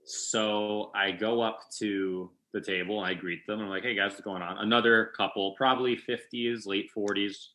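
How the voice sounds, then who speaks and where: A man's voice: fairly low pitch, normal speed, few pauses, poor audio. A young man with a New York accent, a comedian guest telling funny stories in casual chat and acting out the voices of the people in them. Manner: animated, acts out voices in his stories.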